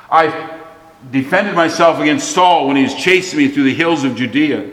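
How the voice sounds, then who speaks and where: A man's voice: a little high, moderate pace, a bit bright. A man preaching a sermon, telling stories and quoting scripture, sometimes dropping his voice to a near whisper. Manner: storytelling, drops to a near whisper at times. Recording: echoey hall with long reverb.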